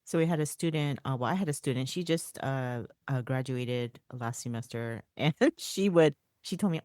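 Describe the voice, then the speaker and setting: A woman co-hosting a podcast, chatting casually and telling animated stories, acting out quoted lines and laughing often. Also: very deep voice, normal speed, hardly any pauses, no echo, studio quality. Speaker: podcast co-host. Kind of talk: casual chat.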